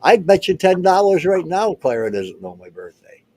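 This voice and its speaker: Speaking in a high, sing-song voice with a darkish tone at normal speed, a man in his seventies tells stories from his past as a guest in a casual chat. He rambles and frequently restarts sentences.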